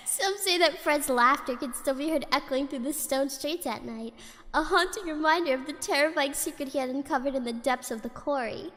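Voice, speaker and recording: A woman's voice: high-pitched, brisk, fairly bright tone, long reverb tail. A woman streamer reading a spooky story aloud in a casual way, giggling often and breaking off to chat.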